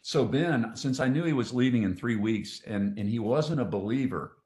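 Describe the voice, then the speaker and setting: A man, a podcast guest, earnestly and emotionally telling a faith testimony, often halting and restarting his sentences. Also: mid-range voice, darkish tone. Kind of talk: heartfelt testimony storytelling. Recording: echoey room.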